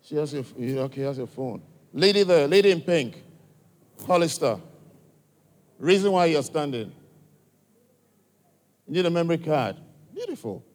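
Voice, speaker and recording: A man's voice: a little high, expressive, moderate pace, pauses often, darkish tone. A man with an African accent addressing a church gathering, questioning listeners directly in a coaxing way. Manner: coaxing, direct, asks the audience many questions.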